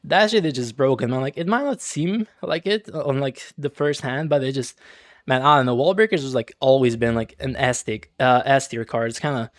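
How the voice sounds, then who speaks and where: A man's voice: mid-range voice, normal speed, no echo, studio quality. A young man giving casual, rambling commentary over his own gameplay, full of slang, fillers and restarts. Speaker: gaming channel host.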